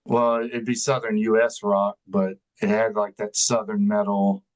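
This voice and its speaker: A man's voice: on the low side, flat delivery, a little slow. A man co-hosting a casual interview, easygoing and full of fillers. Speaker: podcast co-host.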